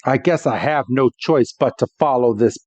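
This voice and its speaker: Animated man recapping a cartoon. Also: mid-range voice, moderate pace, no echo. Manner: animated, laughs between lines. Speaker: podcast co-host. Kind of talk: casual episode recap.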